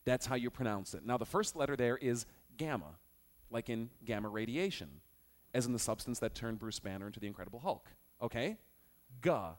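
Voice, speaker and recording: Pastor guy giving a sermon, voice bouncing all over, jokey and animated. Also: mid-range voice, a little fast. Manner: animated, joking, teaching.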